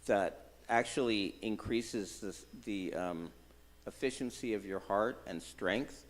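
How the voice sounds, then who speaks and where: A man's voice: on the low side, takes it slowly. A man in the congregation sharing a short, hesitant explanation. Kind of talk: casual sharing.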